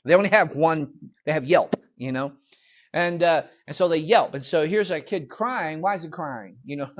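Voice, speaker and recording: A man's voice: fairly high pitch, expressive, a little slow, a bit bright, dull audio. Emphatic man teaching a Bible lesson. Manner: conversational and emphatic, with asides and laughs.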